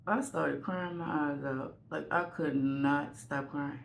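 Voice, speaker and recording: Woman with a creaky voice telling a story. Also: low-pitched, steady tone, slow pace, a little hiss or hum. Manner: candid, rambling, self-deprecating. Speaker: vlogger. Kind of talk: casual storytime while getting ready. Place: at home.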